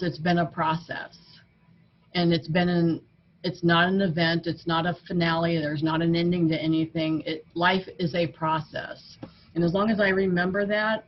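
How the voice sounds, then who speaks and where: An older woman giving an earnest, conversational personal testimony as the speaker at a recovery meeting. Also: lowish voice. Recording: dull lo-fi recording with faint noise.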